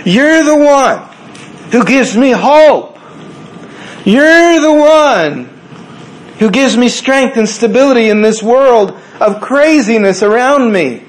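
A man's voice: very high voice, expressive, slow pace, voice pushed up, full character voice. A man voicing a grieving, pleading woman. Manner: earnest, pained pleading. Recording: echoey room.

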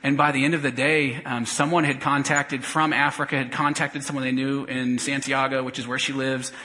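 A man, a pastor, telling a personal story in a sermon, talking conversationally with many restarts and going quiet in emotional parts. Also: mid-range voice, flat delivery, fairly quick, low-quality recording.

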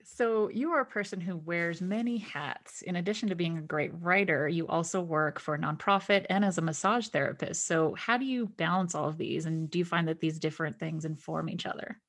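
A woman interviewing a guest in a casual chat, encouraging and quick to laugh along. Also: lowish voice, fairly bright tone.

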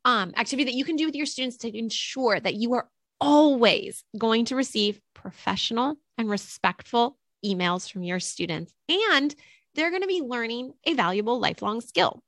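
A woman co-hosting a podcast for teachers, speaking in a slightly higher voice. She explains things steadily and encouragingly, and the sound is dry and close to the mic. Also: expressive, normal speed, a bit bright, no echo. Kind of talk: casual podcast chat.

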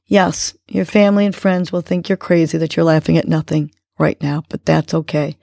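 A woman hosting a podcast, leading a guided breathing exercise and giving a gentle, encouraging pep talk. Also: low-pitched, steady tone, moderate pace, vocal fry, no echo, studio quality. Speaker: podcast host.

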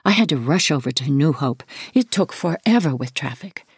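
A woman's voice: low-pitched, animated, moderate pace, slightly rough, dry recording, clean studio sound, heavily acted. A woman voicing an exasperated adult foster mother who huffs as she talks. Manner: huffing, exasperated.

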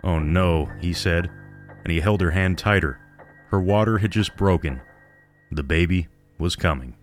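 A man narrating a horror story in a measured storytelling manner. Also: sits low, faint music behind.

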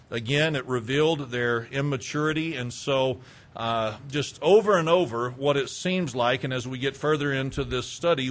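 A man preaching a conversational sermon as a pastor, asking the congregation questions and acting out little everyday exchanges. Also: medium pitch.

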